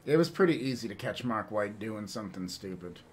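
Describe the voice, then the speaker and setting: A man's voice: fairly low pitch, expressive, brisk, husky. A man streaming and chatting casually with viewers, rambling and laughing often, with some swearing.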